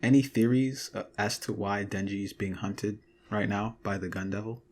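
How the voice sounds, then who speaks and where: A young man co-hosts a casual podcast chat in a low voice. He keeps the talk moving with curious questions to the group. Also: fairly even intonation, moderate pace, darkish tone. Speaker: podcast co-host.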